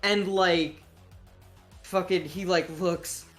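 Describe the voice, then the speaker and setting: A game master narrating a tabletop session at an unhurried pace. The telling is casual and rambling, packed with swearing and fillers. Faint music sits in the background. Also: medium pitch, steady tone, a bit bright.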